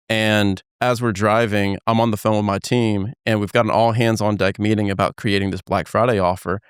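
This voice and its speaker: Podcast host guy, smooth lowish voice, tells stories fast and lively, dry sound. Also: no room sound. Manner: animated, quick, swears casually. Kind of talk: conversational storytelling.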